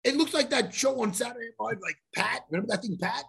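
A man's voice: extremely high pitch, lively intonation, quick pace, creaky, fairly bright tone, slightly rough. A man telling a story on a podcast in a loose, profane way, acting out every exchange. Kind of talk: casual storytelling.

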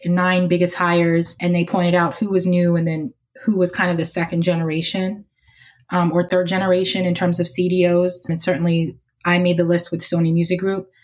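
A woman, a guest executive on an interview podcast, speaking in a calm and measured way. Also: on the low side. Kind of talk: conversational interview.

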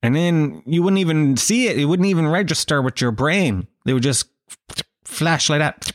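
A man's voice: fairly high pitch, animated, normal speed, no echo, studio quality. A man with an Irish accent hosting a podcast, rambling through a crude comedic monologue, swearing freely and laughing at his own jokes. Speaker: podcast host.

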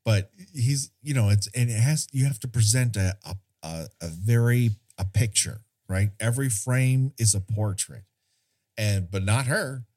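A man's voice: medium pitch, measured pace, a little mellow. A man co-hosting a casual film podcast, rambling and self-deprecating, often breaking into laughter. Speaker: podcast co-host.

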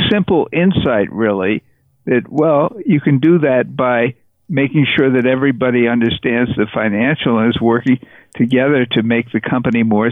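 A man talks through his ideas as a podcast guest, pausing and restarting as he searches for the words. His voice comes over a tinny, phone-like connection. The sound is dry and close, with no room echo. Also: mid-range voice. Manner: thoughtful, halting, many restarts. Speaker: author, interview guest. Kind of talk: podcast interview.

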